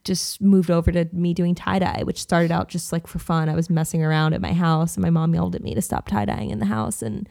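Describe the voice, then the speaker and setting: A woman in her twenties co-hosts a podcast and tells stories in a relaxed, chatty way. Her voice sits a little low and has a gravelly, fry-laced edge. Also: fairly quick, hardly any pauses. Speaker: podcast co-host. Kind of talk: casual chat.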